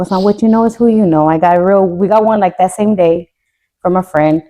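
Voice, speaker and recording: A woman's voice: lowish voice, fairly quick, warm tone. Candid woman telling a grief story. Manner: candid, jokes to cope, voice drops when tearful. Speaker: podcast co-host. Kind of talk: casual emotional storytelling.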